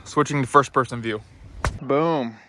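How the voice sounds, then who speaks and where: A man running a pressure washing business chats through a vlog of his work day outdoors at a rural site, rambling and laid-back with many ums. He sounds a bit out of breath. His medium-pitched voice is bright and forceful, a little slow, with a little hiss or hum.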